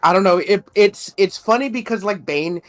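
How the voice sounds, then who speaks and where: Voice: medium pitch, moderate pace, soft background music. A podcast co-host in a casual chat who talks loosely, swears freely and keeps laughing between words. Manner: giggly, loose and profane, laughs through sentences.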